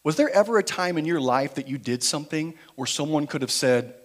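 A man preaching a sermon in a church, moving between quiet, slow emphasis and louder, driven passages. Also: fairly high pitch, expressive. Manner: dynamic preaching, shifting between quiet emphasis and raised intensity. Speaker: pastor. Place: church sanctuary.

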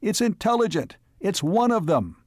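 A man acting out a brave man crying out urgently in an audiobook, his voice pushed high and strained. The read is dry and close to the mic. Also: sing-song, normal speed, dry recording. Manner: urgent yelling. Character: desperate, brave man shielding a stranger.

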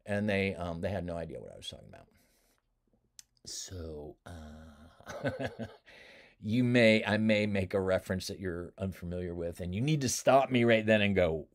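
A man giving a recorded lecture as a college instructor, easygoing and joking, with frequent laughs and asides and big swings in pitch and loudness. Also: lively intonation, a little slow.

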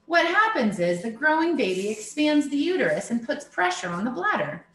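A woman putting on an eager, overly polite male teacher from an audiobook story, pitched high and bright with enthusiasm. He explains things earnestly, and the voice carries a roomy echo. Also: big pitch swings, moderate pace.

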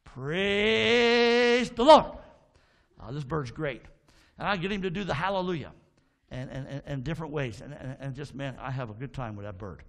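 A pastor preaching a sermon in a church, fervent, calling out to the congregation for responses and dropping into folksy asides. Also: male voice, mid-range voice, lively intonation, fast. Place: church sanctuary.

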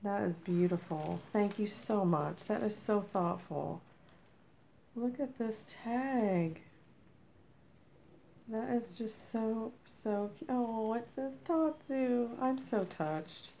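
Slow, gravelly, gushing woman vlogger. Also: dark tone, a little hiss or hum. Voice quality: squeaky. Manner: gushing, effusive. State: under the weather. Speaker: vlogger opening mail. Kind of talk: casual unboxing chat.

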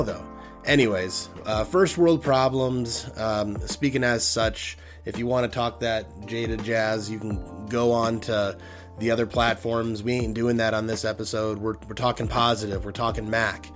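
A man hosts his own podcast in a loose, rambling chat. His voice sits at an average pitch, and he is self-deprecating and full of fillers. Faint music plays underneath. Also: normal speed. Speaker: podcast host. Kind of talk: casual solo podcast talk.

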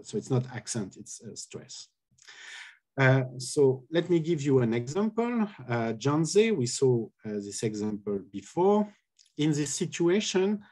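This man's voice is medium in pitch with a darkish tone. Giving a linguistics colloquium talk, he explains things step by step, hesitantly, with frequent fillers and self-corrections.

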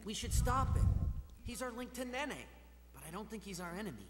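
A man voicing a calm, thoughtful young male hero in a video game, speaking in a measured, reasoning way. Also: sits high. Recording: reverberant game audio with faint hum.

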